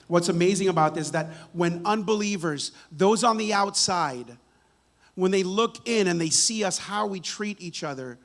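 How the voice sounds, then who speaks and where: Higher-voiced man preaching conversationally. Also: normal speed. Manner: conversational, repeats words and asks "right?" often. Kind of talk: sermon. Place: church sanctuary.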